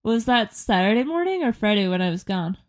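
A woman's voice: mid-range voice, very animated, brisk. A young woman co-hosting a podcast in casual chat, telling stories and often laughing mid-sentence. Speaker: podcast co-host.

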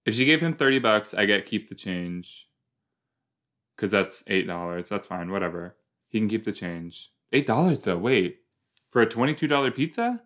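A man's voice: lowish voice, animated, moderate pace, a bit bright. Rambling male podcast host. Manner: rambling, self-deprecating, chatty asides. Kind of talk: casual watch-along commentary.

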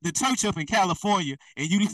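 Young preacher guy, high bright voice, chatty and laughing, sounds a bit far off. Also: moderate pace, no room sound. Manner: lively, conversational, laughs often. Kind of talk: sermon.

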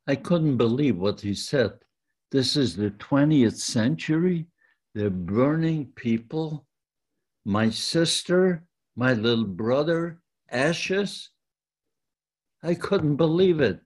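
An elderly man tells his story in a slow, deliberate way. His voice sits at an ordinary middle pitch. He speaks plainly and sometimes restarts his words. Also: animated, darkish tone. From Poland. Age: older. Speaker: Holocaust survivor. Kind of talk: testimony storytelling.

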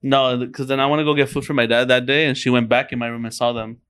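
A man's voice: mid-range voice, flat delivery, fast, fairly bright tone, clean tone. A young man co-hosting a casual podcast, telling a story in a laid-back, trailing way. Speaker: podcast co-host. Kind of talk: casual chat.

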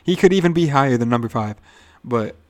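A man's voice: mid-range voice, animated, a little fast. A young man hosting his own podcast in a loose, rambling way. He swears freely, stumbles over his words and restarts, and sounds a bit nervous. The sound is dry and close, with no room echo. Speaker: podcast host. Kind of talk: casual solo podcast rant.

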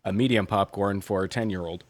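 A middle-aged man hosting a laid-back podcast, wry and quick to laugh. His voice sits low and sounds dry and close, with casual swearing. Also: no room sound. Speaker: podcast co-host. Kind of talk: casual chat.

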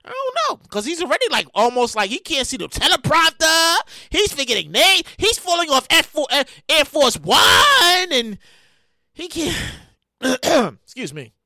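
Lady podcast host going off, super high bright voice, loud and cussing, bouncing all over. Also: a little slow, dry recording, clean studio sound. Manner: loud, animated, profane ranting with frequent shouting. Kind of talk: comedic current-events rant.

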